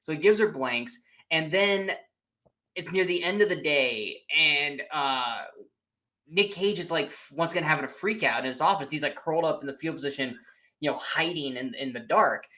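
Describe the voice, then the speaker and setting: A man co-hosting a casual bad-movie podcast, retelling scenes in an animated way and acting out lines. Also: a little high, moderate pace. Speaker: podcast co-host.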